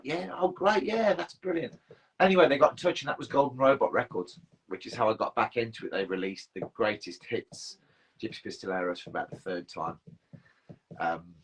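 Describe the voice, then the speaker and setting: A man's voice: lowish voice, a bit bright, husky, rough recording. A middle-aged man, a band frontman, telling rambling self-mocking stories and swearing freely in casual livestream chat. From England.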